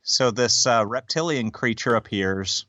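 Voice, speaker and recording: A man's voice: medium pitch, unhurried, sharp tone, dry recording, lo-fi sound. A man co-hosting a podcast, recapping an episode with wry, self-deprecating humor. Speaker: podcast co-host. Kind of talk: casual chat.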